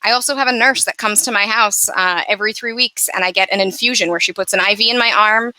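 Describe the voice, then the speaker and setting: A woman telling her own story on a panel, talking frankly and loosely with plenty of fillers. Her voice is bright and forceful, and it comes through dry and close over a video call. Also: medium pitch, fast talker, dry recording, low-quality recording. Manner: candid, conversational, with many fillers. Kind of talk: personal account in an online panel discussion.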